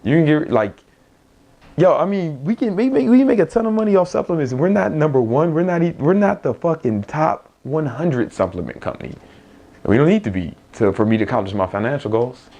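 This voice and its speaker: A man's voice: on the high side, expressive, fairly quick, dark tone. A young man, an entrepreneur, giving a blunt, profane motivational talk with frequent laughs and restarts.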